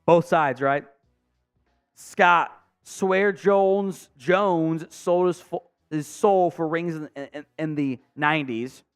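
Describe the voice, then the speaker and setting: A man's voice: a little high, slow, clean tone, faint music behind. A man hosting a live fan stream, calling plays and venting frustration at his team while reading viewer messages, swearing often. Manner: frustrated, swearing, reads chat aloud. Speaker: sports stream host. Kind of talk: live play-by-play and fan commentary.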